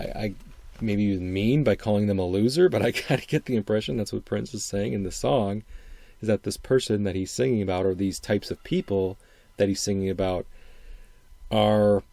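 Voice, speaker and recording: A middle-aged man from Wisconsin talks through his solo podcast with a faint upper Midwestern lilt. His voice sits low and mellow, and it is recorded close and dry. He rambles, repeats himself and thinks out loud as he goes. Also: gravelly, no room sound. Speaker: podcast host. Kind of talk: casual solo podcast commentary.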